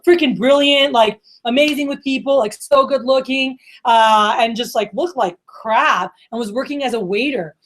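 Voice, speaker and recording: Woman, thirties, fairly high pitch, casual motivational talk, chatty with lots of fillers. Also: normal speed, few pauses. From Miami. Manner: casual and chatty, lots of "like" and "you know", acts out quoted friends. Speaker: division leader giving opening remarks.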